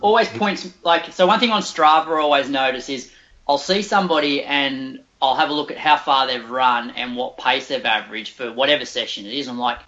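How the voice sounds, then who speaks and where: A man's voice: medium pitch, a little fast, bright, forceful tone. A man co-hosting a casual podcast, explaining things in a matter-of-fact way. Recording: dull lo-fi sound.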